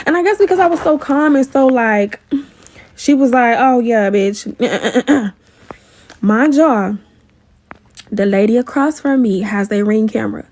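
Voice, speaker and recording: A woman telling a personal story in a casual, animated way, cursing often and addressing listeners as y'all. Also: on the high side. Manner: animated, profane, talks to viewers as y'all.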